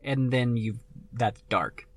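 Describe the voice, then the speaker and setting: Man asking questions in a relaxed chat. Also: mid-range voice, takes it slowly, husky, dry recording. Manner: asks questions, short reactions. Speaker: podcast co-host. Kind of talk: casual tech chat.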